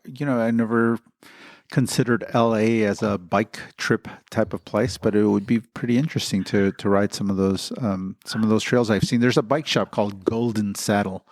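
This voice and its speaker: A man co-hosting a podcast in casual chat, musing in an unhurried, easygoing way. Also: fairly low pitch, steady tone, a little mellow, dry recording, clean studio sound. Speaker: podcast co-host.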